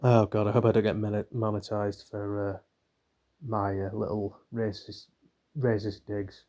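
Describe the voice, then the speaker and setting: Reading a book aloud for his channel, a young man from northern Britain speaks at a moderate pace in a fairly low, level, dark voice. Every so often he stops for offhand, irreverent commentary laced with swearing.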